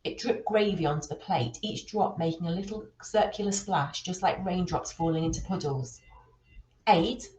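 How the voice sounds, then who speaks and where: A woman reads a storybook aloud in a steady, expressive way. Her voice sits on the lower side for a woman, and the room around her adds a noticeable echo. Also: normal speed, hardly any pauses. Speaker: reader.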